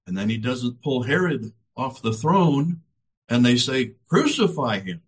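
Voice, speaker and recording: A man preaching a sermon, building each point through dramatic repetition. His voice is husky, and his pitch rises and falls widely. He speaks at a slow, deliberate pace. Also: lively intonation. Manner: dramatic, emphatic, repetitive phrasing.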